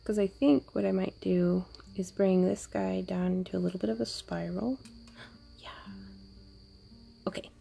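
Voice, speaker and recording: A woman hosting a wire-wrapping jewelry tutorial, thinking aloud casually as she works, with playful little sound effects and soft asides. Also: medium pitch, a little slow, creaky, pauses often, slightly rough, soft background music. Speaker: jewelry-making tutorial host. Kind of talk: casual crafting tutorial narration.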